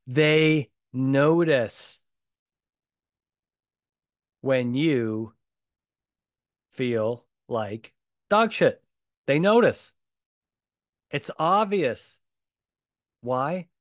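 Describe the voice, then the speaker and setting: On a dry, studio-quality recording, a podcast host with a mid-range voice speaks extremely slowly and pauses often. Talking solo on his own show, he's blunt, emphatic, and animated, leaning on a lot of punchy repetition.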